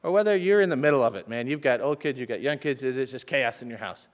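A man preaching a sermon as a personal story, swinging between loud urgent bursts and hushed, soft passages. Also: medium pitch, lively intonation, fast. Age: adult with children. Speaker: pastor.

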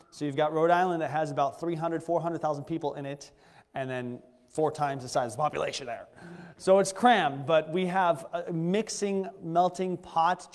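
A slightly high-voiced male missionary pastor gives his testimony from the pulpit, earnest and conversational, often stopping to restart a thought. The sound rings with the long reverb of a church hall. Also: a little mellow. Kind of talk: sermon testimony. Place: church sanctuary.

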